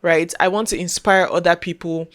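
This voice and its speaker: A lowish, slightly bright voice with a steady tone and normal speed. She's a young content creator and podcast host speaking sincerely to camera in a casual way, repeating herself and getting emotional to the point of near tears.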